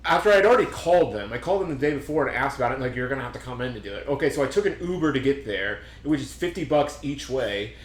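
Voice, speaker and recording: This podcast host is a young man whose medium-pitched voice races with lively intonation and barely any pauses. In casual chat he tells rambling, profanity-heavy stories, acting out quotes, all captured with a roomy echo.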